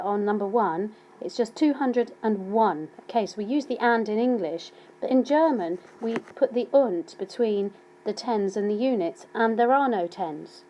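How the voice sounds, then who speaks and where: A woman teaching a language lesson, explaining numbers patiently and saying them slowly for learners to repeat. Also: on the high side, dark tone, slight background noise, low-quality recording. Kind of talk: slow explanatory lesson narration.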